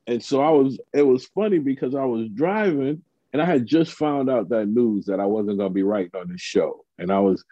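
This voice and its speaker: A man's voice: mid-range voice, animated, fairly quick, hardly any pauses, warm tone, dry recording, highs cut off. A man, a comedian and TV writer, telling a story in casual chat and acting out the quotes of the people in it.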